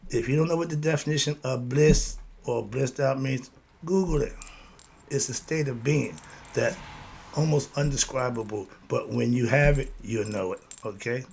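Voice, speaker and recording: A man's voice: medium pitch, moderate pace, creaky, a little mellow, slight background noise. A man giving a motivational monologue about spiritual life, speaking in in a preachy, rhythmic way and repeating his catchphrases. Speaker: host.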